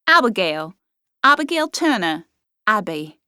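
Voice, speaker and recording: Female narrator as eager young street girl, rough speech, lively high voice. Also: measured pace, dry recording, studio quality. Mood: shy.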